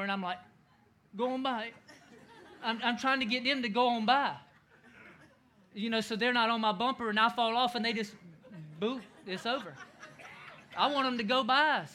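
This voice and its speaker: A middle-aged male pastor telling a funny story in a sermon, laughing often and shouting the lines he quotes. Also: very high-pitched, slight background noise.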